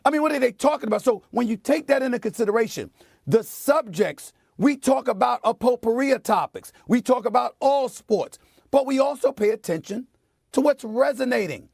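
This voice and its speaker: A middle-aged man hosting a sports debate show, making his point with forceful, preachy repetition in a TV studio. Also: very high voice, lively intonation, a little fast, creaky, slightly rough, dry recording. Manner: emphatic and preachy, repeats phrases for effect. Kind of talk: heated on-air sports commentary.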